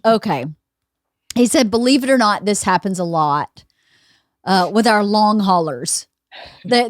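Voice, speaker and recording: A woman's voice: mid-range voice, no room sound, clean studio sound. A woman in her forties hosting a podcast, telling stories in a casual chat and laughing often. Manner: animated storytelling, laughs a lot. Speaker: podcast host.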